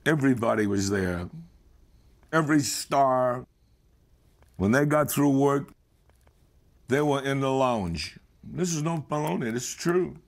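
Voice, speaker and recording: Man, mid-pitched voice, plain-spoken band member recalling old shows. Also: a little slow, gravelly, pauses often. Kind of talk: reminiscing interview.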